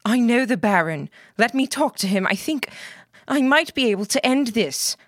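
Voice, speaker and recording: A woman voicing a frightened young girl who stammers and rushes her words as she pleads. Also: fairly high pitch, expressive, dry recording, clean studio sound, pitched above the performer's own voice. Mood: shaky pleading.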